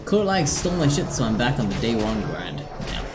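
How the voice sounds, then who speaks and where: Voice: mid-range voice, big pitch swings, a little fast, very noisy. A streamer giving casual live gameplay commentary, chatting with teammates and greeting viewers while playing.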